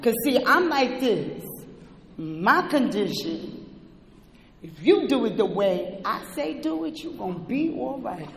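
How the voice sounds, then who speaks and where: A person sharing a personal recovery testimony at an indoor meeting, talking with passion and swinging between quiet and shouting. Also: medium pitch, sing-song, slow, vocal fry, a little hiss or hum. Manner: impassioned, swings from soft to shouting. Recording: roomy echo with long hall reverb.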